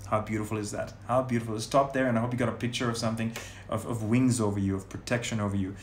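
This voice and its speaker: A man's voice: fairly low pitch, flat delivery, fast. A man leading a sermon and guided prayer, speaking in emphatic, repetitive phrases. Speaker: prayer leader. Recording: roomy echo, faint noise.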